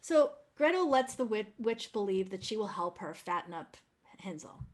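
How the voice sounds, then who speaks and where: A woman's voice: medium pitch, sing-song, moderate pace. A woman presenting opera program notes in an effusive, enthusiastic manner.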